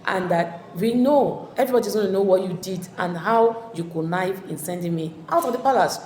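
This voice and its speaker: A woman's voice: mid-range voice, fairly quick, a little mellow, a little hiss or hum, natural voice. A woman voicing a banished woman who makes firm accusations, recorded in an echoey room. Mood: defiant. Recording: echoey room with long reverb.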